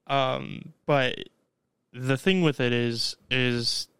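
Smooth-voiced man, reflective and measured. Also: mid-range voice, fairly bright tone, no room sound. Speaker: podcast co-host. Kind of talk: casual chat.

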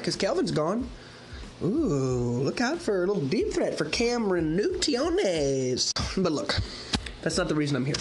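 A man giving a casual sports news update, excitable, swearing and exclaiming as he goes. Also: on the high side, slight background noise.

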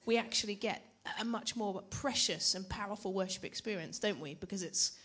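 A young woman gives a church teaching talk in a relaxed, conversational way. She jokes at her own expense and keeps turning questions back to the audience, her voice sitting at an ordinary middle pitch. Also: a little fast, slightly rough. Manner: chatty, self-deprecating, asks the audience questions. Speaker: preacher.

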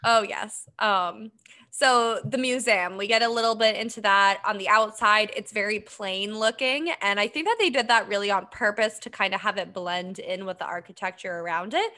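Chatty bright-voiced woman podcast co-host. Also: medium pitch, moderate pace. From Boston area. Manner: chatty, lots of ums, laughs easily. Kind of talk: casual chat recapping a documentary.

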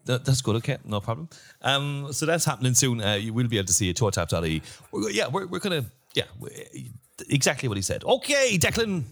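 A man's voice: mid-range voice, quick pace, creaky. A man hosting a football podcast in casual, joking chat. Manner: jokey, loose and lively. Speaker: podcast host.

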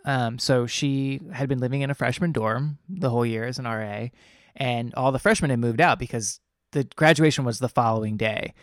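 A man's voice: mid-range voice, moderate pace, dry recording, studio quality. A young adult man casually telling a personal story, rambling and earnest, with many fillers and restarts.

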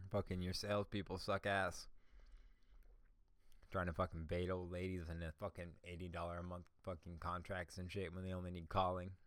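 A man's voice: deep voice, no echo. A man hosting a solo podcast, ranting and swearing constantly, with "bro" and "dog" thrown in. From Canada. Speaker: podcast host. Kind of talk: profane solo podcast rant.

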